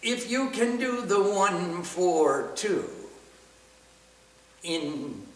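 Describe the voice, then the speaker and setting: A man teaching a class on Sanskrit meters and breathing, leading the chanting and practice with soft laughs. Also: high voice, big pitch swings, extremely slow. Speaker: spiritual teacher. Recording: roomy hall, from far off.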